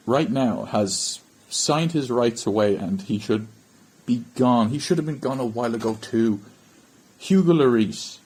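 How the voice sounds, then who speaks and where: Husky Irish man ranting about football. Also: medium pitch, darkish tone, poor audio. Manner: frustrated, blunt, swearing. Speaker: football fan channel host. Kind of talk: ranting match review to camera.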